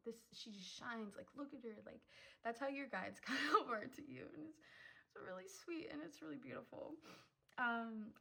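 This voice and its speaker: A young woman talks straight to her viewers through a tarot reading, loose and gushing, with plenty of "um" and "like" between thoughts. Her voice sits at an ordinary middle pitch for a woman, and she sounds moved and excited by what she describes. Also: poor audio. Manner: chatty, full of "um" and "like", emotional and effusive. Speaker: tarot reader. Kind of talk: casual pick-a-card tarot reading.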